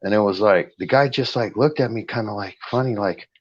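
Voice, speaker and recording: A man's voice: low voice, fairly quick, dry recording, muffled recording. A man telling a long story in a blunt, rambling way, repeating "I go" over and over as he retells it. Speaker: host of a live chat stream. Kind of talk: casual storytelling.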